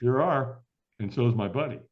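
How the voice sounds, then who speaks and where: A man's voice: medium pitch, moderate pace. A middle-aged man telling a long story as an interview guest, acting out the voices of the people in it. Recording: dull lo-fi audio.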